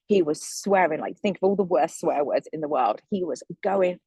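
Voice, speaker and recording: Soft, husky-voiced woman. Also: low voice, moderate pace, no room sound. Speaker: manifestation coach. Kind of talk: calm spiritual teaching monologue.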